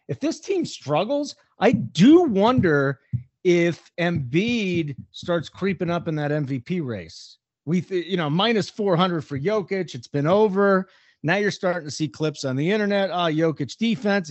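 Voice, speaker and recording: A man hosting a casual sports talk show, opinionated and brisk as he weighs odds and teams. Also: fairly high pitch, darkish tone, no echo. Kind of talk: casual sports radio chat.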